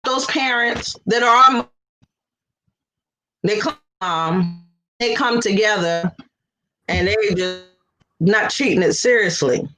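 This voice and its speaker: Casting: woman, slow animated delivery, bright voice, casual co-host on a video call. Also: medium pitch, rough recording. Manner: animated, laughing often, chatty. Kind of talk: casual religious talk show.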